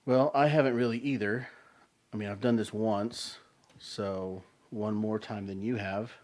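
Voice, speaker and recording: A man's voice: fairly low pitch, fairly even intonation, measured pace, darkish tone. A middle-aged man hosting a casual podcast, talking in a laid-back, rambling way with fillers. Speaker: podcast host. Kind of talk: casual chat.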